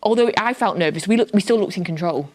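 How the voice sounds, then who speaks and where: A woman hosts a football studio show in a chatty, fan-like way. Her voice sits at a middle pitch. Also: fast, a little mellow. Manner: chatty, openly nervous fan. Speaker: studio host. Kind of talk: studio presenting.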